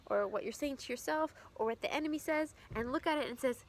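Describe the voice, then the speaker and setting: A woman's voice: high voice, fast. A young woman giving an earnest, chatty Bible lesson to children, with fillers and restarts. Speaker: children's ministry teacher.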